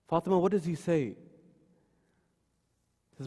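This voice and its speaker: A man's voice: on the high side, moderate pace, pauses often, warm tone. Man giving a sermon in a reverberant hall. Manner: dramatic storytelling, voicing quoted people. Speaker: speaker at a mosque. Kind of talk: sermon with acted retellings. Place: mosque hall.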